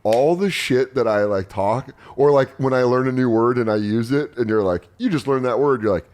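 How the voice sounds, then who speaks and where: A man's voice: mid-range voice, normal speed, a little mellow. A man in his thirties hosting a casual podcast chat, telling jokey stories and mimicking voices. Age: 30s. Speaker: podcast host.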